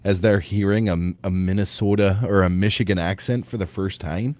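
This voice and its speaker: A man with a lowish voice co-hosts a casual morning show in a radio studio. He jokes constantly and gets animated as he talks. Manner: animated, quick to laugh, jokey.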